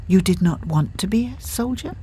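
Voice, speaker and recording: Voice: mid-range voice, expressive, moderate pace, dark tone, slight background noise, voice pushed up, close to an everyday voice. A narrator voicing a young warrior woman who speaks formally without contractions and asks blunt, literal questions. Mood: earnest.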